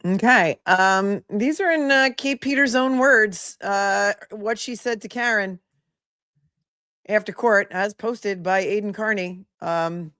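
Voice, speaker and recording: A woman's voice: medium pitch, takes it slowly, fairly bright tone, no room sound. Woman host, Boston accent, sarcastic and incredulous, dry close mic. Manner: sarcastic, incredulous, rhetorical questions. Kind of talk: commentary on a court hearing.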